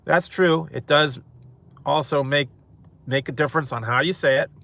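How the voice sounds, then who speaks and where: Guy rambling at his live chat, bright sharp voice, laughs a lot. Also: a little high, normal speed, creaky. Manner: rambling, chuckling often. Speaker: mukbang host. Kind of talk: casual chat to live viewers.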